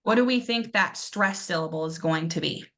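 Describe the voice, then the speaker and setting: Young woman, teacher, encouraging, drawn-out demonstrated syllables, classroom lesson. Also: on the low side, a bit bright. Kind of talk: classroom English pronunciation lesson.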